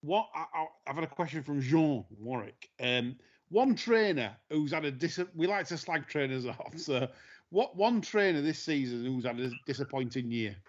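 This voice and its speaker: A man's voice: fairly high pitch, animated, normal speed. A man hosting a casual podcast chat, reacting to a story and moving on to a listener's question. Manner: chatty, wraps up and moves on to listener questions. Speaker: podcast host. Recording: dull lo-fi podcast audio.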